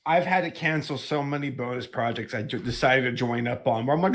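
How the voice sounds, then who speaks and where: A man's voice: medium pitch, brisk, fairly bright tone. A man co-hosting a podcast in casual chat, jokey and swearing freely. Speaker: podcast co-host.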